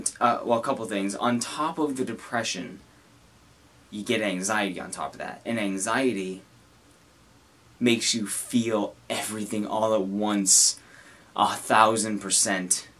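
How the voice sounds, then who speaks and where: A young man talking to camera about his own feelings, halting and earnest, with many restarts. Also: fairly low pitch, fairly bright tone. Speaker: content creator. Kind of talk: personal talk to camera.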